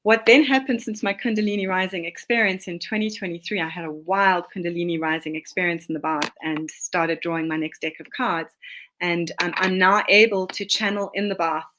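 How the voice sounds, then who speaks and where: Excited South African woman guest. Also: on the low side, a little fast, slight background noise. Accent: South African, Johannesburg. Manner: excited, rambling, with frequent restarts. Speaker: guest, oracle deck author. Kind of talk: casual podcast interview.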